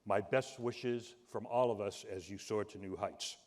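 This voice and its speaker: Man with Boston accent speaking in a big hall. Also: lowish voice. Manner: measured, warm, fumbles when improvising. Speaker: presenter at a gala tribute. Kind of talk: prepared tribute speech. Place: large event hall. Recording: reverberant hall.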